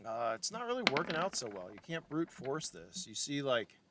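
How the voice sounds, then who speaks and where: A man's voice: fairly high pitch, wildly swooping pitch, normal speed, very noisy. A man narrating as game master of a tabletop game, casual and chatty, swearing often.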